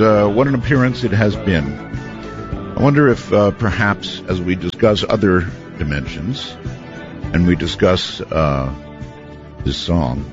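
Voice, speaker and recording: A man hosting a late-night call-in radio show, drawling and wry and quick to laugh. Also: low voice. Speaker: radio talk show host. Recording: slightly dull radio audio with faint music.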